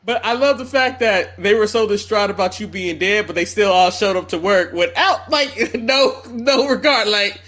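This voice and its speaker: A man with a rather high voice trades casual banter on a podcast. He drops wry, teasing comments about his co-host's story. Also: normal speed, few pauses, fairly bright tone. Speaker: podcast co-host.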